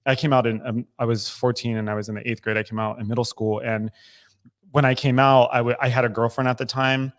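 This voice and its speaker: Recording in a recovery club room, this thirty-something podcast co-host speaks briskly in a flat, mid-pitched voice. The talk is casual and about recovery, and he's candid and emotional, with frequent restarts.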